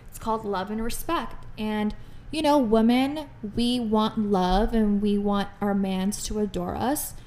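A woman co-hosting a casual podcast chat, talking in an animated way and often filling with "like" and "you know.". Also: on the high side, slight background noise. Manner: animated, chatty, many fillers like "like" and "you know". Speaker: podcast co-host.

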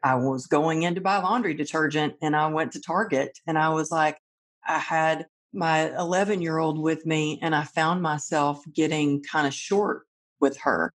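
A woman's voice: deep voice, fairly even intonation, normal speed. A middle-aged woman hosting a conversation, openly sharing personal struggles in a confessional way. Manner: open, confessional storytelling. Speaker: podcast host.

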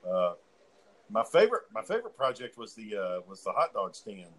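A man's voice: lowish voice, huge pitch swings, normal speed. A man in casual chat, telling stories in a loose, profane, joking way. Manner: loose, profane, laughing storytelling.

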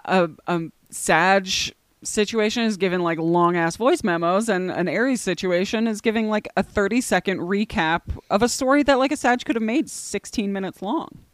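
A woman co-hosting a casual astrology podcast, chatty and quick to laugh, with lots of fillers. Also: mid-range voice, dry recording. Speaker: podcast co-host.

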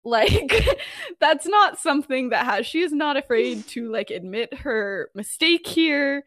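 A young woman podcast co-host casually retelling a story in a chatty way, full of fillers and quick laughs. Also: sits high, lively intonation, a bit bright, no echo.

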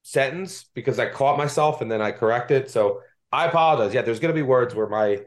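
Medium-pitched and brisk, a sports betting podcast host chats away while poking fun at himself. He's from Delaware County, Pennsylvania, and his accent is the local Philadelphia-area one.

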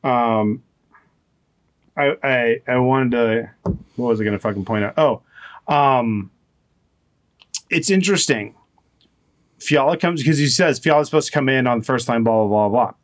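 A man's voice: medium pitch, unhurried, pauses often. A man co-hosting a casual podcast, thinking aloud and swearing. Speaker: podcast co-host. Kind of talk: casual chat.

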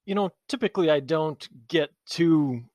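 A man's voice: fairly high pitch, moderate pace, darkish tone, faint music behind. Angry ranting male talk show host. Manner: blunt and insulting toward politicians. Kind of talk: political talk show monologue.

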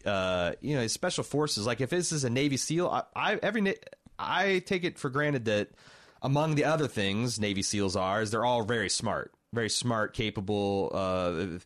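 A man co-hosting a casual movie-review chat, wry and mocking as he banters. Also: mid-range voice.

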